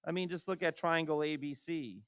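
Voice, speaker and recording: A man's voice: a little high, moderate pace, no room sound. A man teaching a recorded math lesson, firing rhetorical questions at students and making exasperated asides. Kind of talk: recorded classroom lecture.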